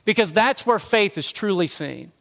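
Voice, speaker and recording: A man preaching a sermon as a pastor, with a conversational, self-deprecating manner that turns quiet and earnest. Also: high voice, expressive, normal speed, creaky, long reverb tail. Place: church sanctuary.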